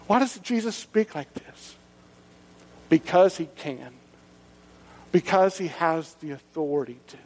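High-voiced animated male preacher. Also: big-room sound. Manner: animated, conversational preaching with rhetorical questions. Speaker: pastor. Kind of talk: sermon.

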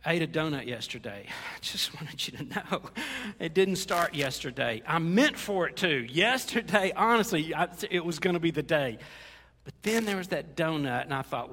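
A man's voice: a little high, lively intonation, fairly quick, a bit bright. A middle-aged male pastor preaching a sermon in a conversational, joking way, slipping into quoted asides. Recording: long hall reverb.

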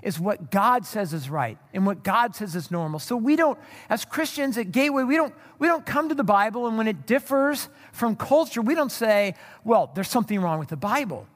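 High-voiced man preaching in a reverberant hall. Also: expressive, moderate pace, hardly any pauses. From Southern California. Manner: storytelling, conversational, many fillers and restarts. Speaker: pastor. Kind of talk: sermon.

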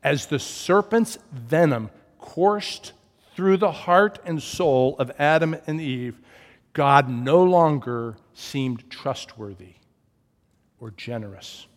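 A man preaching a sermon as pastor, telling stories and swinging from loud emphasis to hushed, low tones. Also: lively intonation, slow pace, in a large hall.

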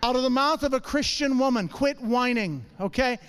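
A man with a strikingly high, smooth and clear voice tells a comic testimony to a church congregation. He is a lively storyteller who keeps pulling the crowd in with calls for a response. He sounds middle-aged. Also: fast. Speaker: church speaker.

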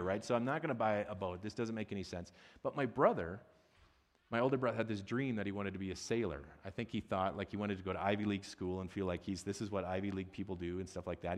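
A man giving a conversational sermon as a pastor, chatty and self-deprecating, with asides and questions to the congregation. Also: lowish voice.

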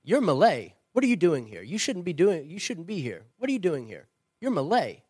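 A man putting on a scolding elderly church elder, his voice pushed up higher than usual and loud. He fires off short, repeated rebukes in a dry, close sound. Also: wildly swooping pitch, fairly quick, slightly rough, dry recording, heavily acted. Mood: indignant.

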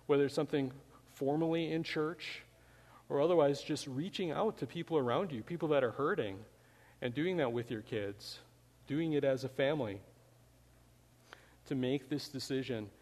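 A man's voice: mid-range voice, moderate pace, darkish tone. A man preaching a sermon in a church, speaking conversationally with many "you know" fillers. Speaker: pastor. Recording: long hall reverb.

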